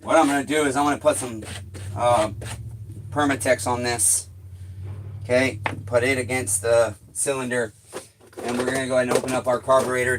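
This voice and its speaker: A man's voice: mid-range voice, a little hiss or hum. A man streaming live from his workshop, cursing in frustration and talking to his viewers while he works. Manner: exasperated, heavy swearing; talks to viewers while working. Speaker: chainsaw repair streamer. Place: home workshop shed.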